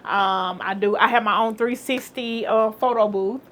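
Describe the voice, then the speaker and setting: A woman's voice: on the high side, steady tone, normal speed, a bit bright. A woman from Houston, telling her story as a guest, acting out quotes and laughing often. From Houston, Texas. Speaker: guest, entrepreneur. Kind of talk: casual interview chat.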